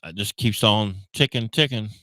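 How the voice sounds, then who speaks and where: A man's voice: on the low side, normal speed, a bit bright, no echo. A man co-hosting a casual talk show, mostly agreeing with short replies. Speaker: podcast co-host. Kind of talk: casual chat.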